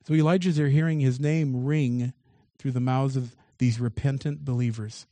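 A man's voice: mid-range voice, steady tone, moderate pace, dark tone, no room sound. A man preaching a sermon as pastor, reading scripture aloud and commenting on it with shifting emphasis.

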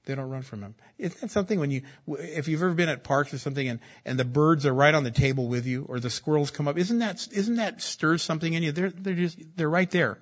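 A man's voice: a little high, fast, hardly any pauses, muffled recording. A man preaching a sermon as pastor, in a conversational, joking style that repeats key phrases.

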